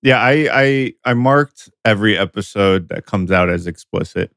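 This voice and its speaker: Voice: low voice, normal speed, a bit bright, no echo, clean studio sound. A young podcast host chatting casually with a guest, laid-back and easily amused.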